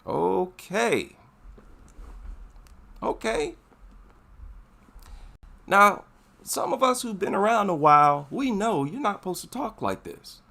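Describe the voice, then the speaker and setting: Male vlogger, slightly high lively voice, emphatic, drives each point home twice. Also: slow pace, creaky, long pauses. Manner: emphatic, repeats his points for effect. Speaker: MMA commentary vlogger. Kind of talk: casual commentary.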